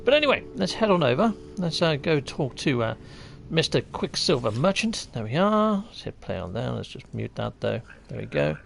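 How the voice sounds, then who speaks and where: A man's voice: fairly high pitch, sing-song, moderate pace, creaky, a little hiss or hum. A man hosting a live game stream, greeting chat viewers with jovial, theatrical flair and chatty asides. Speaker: gaming livestream host. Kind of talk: live gameplay commentary and chat shout-outs.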